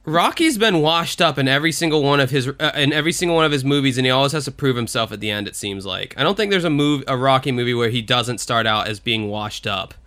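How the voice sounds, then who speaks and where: Bright-voiced animated podcast man. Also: mid-range voice, quick pace, hardly any pauses. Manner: animated storytelling, frequent swearing. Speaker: podcast host. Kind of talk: casual podcast chat.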